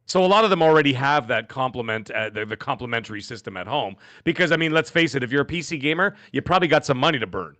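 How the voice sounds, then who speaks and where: A middle-aged man co-hosting a gaming podcast in casual chat, animated and jokey, acting out the people he quotes. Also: medium pitch, quick pace, few pauses, no echo. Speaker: podcast co-host.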